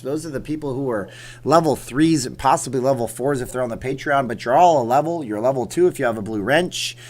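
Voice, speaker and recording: A man's voice: medium pitch, a little fast, darkish tone. Regular guy chatting on his livestream, reading off names, joking around. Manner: chatty, reads viewer names aloud, jokey. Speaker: livestream host. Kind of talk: casual livestream chat.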